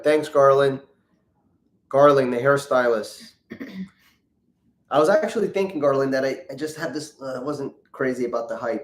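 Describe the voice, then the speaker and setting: A man, a plastic surgeon, hosting a casual live Q&A, reading viewer comments aloud and joking as he greets people by name. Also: mid-range voice. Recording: roomy echo.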